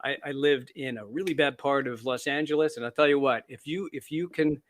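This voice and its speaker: A Canadian-born author, speaking a little fast in a mid-range voice, tells stories casually during an interview. He's chatty and self-deprecating, with lots of fillers and restarts, and there's slight background noise.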